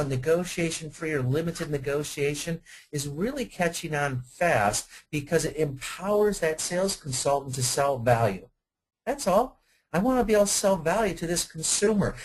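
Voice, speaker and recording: On poor audio, a man with a fairly high-pitched voice presents a webinar for car salespeople. As a dealership sales trainer, he keeps things lively and chatty, peppering his talk with rhetorical questions.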